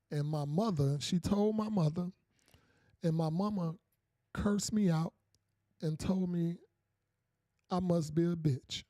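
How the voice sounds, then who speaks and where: Podcast host, male, high but mellow voice, loose repetitive chat to viewers, dry sound. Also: no echo. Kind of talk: casual call-in podcast chat.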